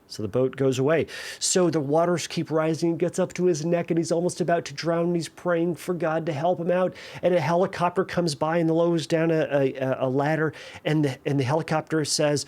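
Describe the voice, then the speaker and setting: A man's voice: a little high, moderate pace. A man hosting a podcast, talking casually and answering a listener's question, with frequent fillers and restarts. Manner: conversational, many fillers and restarts, tells jokes with animated voices. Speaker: podcast host. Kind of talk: casual chat.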